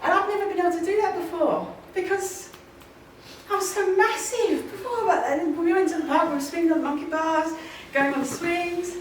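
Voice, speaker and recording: A woman's voice: extremely high pitch, steady tone, normal speed. A woman giving an emphatic motivational talk on stage, repeating her points and laughing often. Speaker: motivational speaker. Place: large conference hall, on stage. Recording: echoey hall from far off, noisy.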